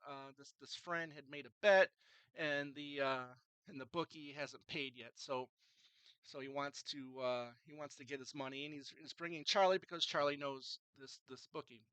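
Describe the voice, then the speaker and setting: A man's voice: fairly high pitch, pushed and bright, smooth, no room sound, low-quality recording. A man casually reviewing a film, retelling its scenes in a rambling way with many fillers and restarts.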